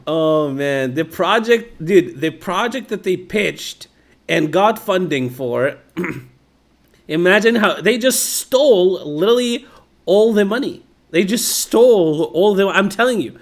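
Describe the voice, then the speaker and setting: A man's voice: fairly high pitch, animated, unhurried. A man hosting a reaction video, chatting casually with lots of swearing and laughter. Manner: profane, laughs often, chatty.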